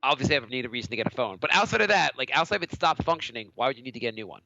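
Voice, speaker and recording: A bright, lively man in his thirties chatting on a podcast with a bouncy, expressive voice. He laughs easily and slips into quick acted quotes. The sound is dry and a bit dull. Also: mid-range voice, gravelly, no room sound. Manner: animated, laughs often, acts out quotes. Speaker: podcast co-host. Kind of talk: casual comedic chat.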